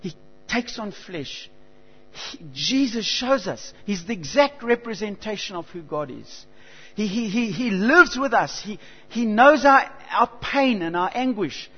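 High-voiced preacher in an echoing hall. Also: male voice, expressive, husky. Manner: earnest, halting, with frequent restarts and swells of emphasis. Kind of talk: sermon. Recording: dull lo-fi recording with long hall reverb and mains hum.

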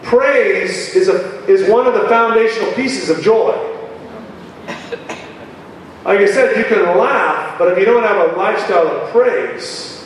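A male preacher with a strikingly high voice delivers an emphatic, animated sermon. He is heard from far off in a large hall with long, heavy reverb. Faint ambient noise sits underneath. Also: moderate pace, hardly any pauses.

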